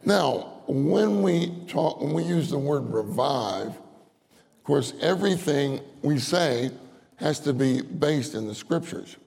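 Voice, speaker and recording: An older male preacher speaks in a deeply gravelly, creaky voice. He talks in an animated, conversational way and acts out little prayers. His voice rings with a long reverb, as if in a meeting hall. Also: takes it slowly. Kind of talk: sermon.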